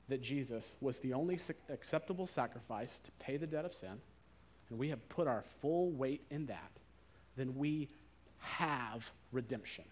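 A male preacher delivers a sermon in a relaxed, conversational voice of middling pitch. He slows down and drops to a softer voice to stress key words.

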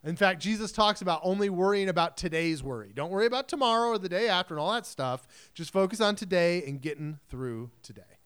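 A man's voice: high voice, lively intonation, brisk, hardly any pauses, a bit bright, clean tone. A man preaching a sermon in a casual, conversational way, mixing scripture reading with chatty asides. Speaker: pastor.

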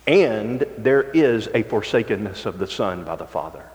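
A man preaching a sermon as pastor, reading scripture slowly and swinging between forceful emphasis and hushed, low passages. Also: animated. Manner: dramatic shifts from loud emphasis to hushed low tones; slow, drawn-out scripture reading. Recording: long reverb of a large hall.

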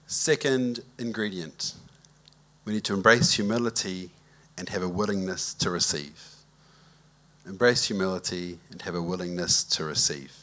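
A man whose voice sits low preaches at a moderate pace. His sermon has a conversational feel as he tells an easygoing story and asks the congregation to raise their hands.

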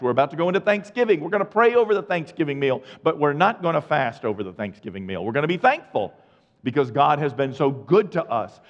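Male preacher, higher-pitched voice, long hall reverb, muffled sound, animated delivery. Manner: reads scripture then retells it in casual modern speech; animated, with big swings between loud and hushed. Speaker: pastor. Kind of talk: sermon.

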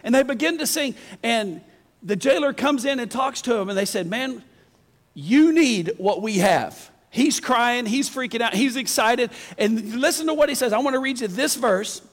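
A man preaching a folksy, animated sermon to his congregation. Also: extremely high pitch, moderate pace. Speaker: pastor. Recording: long reverb of a church hall.

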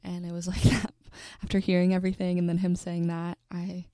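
A young woman in her twenties telling a personal story in an earnest, halting way, with many fillers and restarts, often dropping to a breathy near-whisper. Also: lowish voice, completely flat delivery, mellow, no room sound, clean studio sound.

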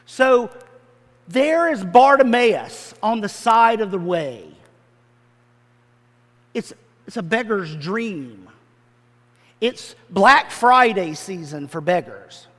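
A man's voice: extremely high pitch, a bit bright, big-room sound. A male pastor preaching a sermon in a church sanctuary, in a conversational, humorous storytelling manner full of modern comparisons.

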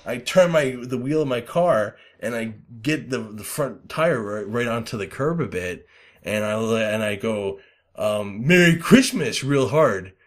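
A man hosting a casual podcast, rambling through stories with lots of fillers, swearing and loud acted-out quotes. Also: mid-range voice, a little slow. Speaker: podcast host.

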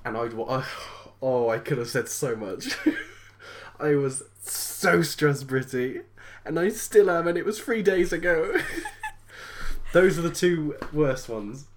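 A woman's voice: low-pitched, big pitch swings, takes it slowly. Laughing British woman telling a shop story. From Britain. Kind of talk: casual chat.

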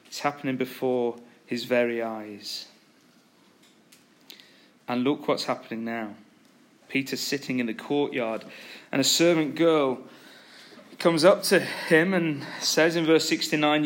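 A man preaching a sermon, retelling a story with animated, acted-out quotes. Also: a little high, a little slow, pauses often.

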